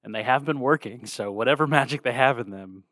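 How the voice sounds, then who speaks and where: A man's voice: medium pitch, fairly quick, a bit bright, dry recording. Casual young male podcast host, laid-back, dry close sound. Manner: laid-back, says "dude" and "like" a lot. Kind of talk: casual chat.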